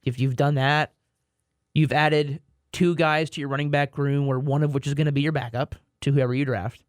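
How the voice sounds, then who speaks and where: A man talks sports on a podcast in a loose, rambling way, stumbling over his words and poking fun at himself. His voice sits a little high for a man. The sound is dry and close. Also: steady tone, moderate pace, dry recording. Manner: rambling, repeats words, self-mocking asides. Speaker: podcast co-host. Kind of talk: casual sports chat.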